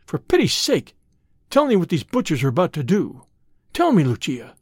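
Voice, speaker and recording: A gallant, proud young hero speaks earnestly, as a man reading the story voices him close to his own voice. His pitch sits a bit high and moves in a lively way. The recording is close and dry. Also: normal speed, vocal fry, no echo, full character voice.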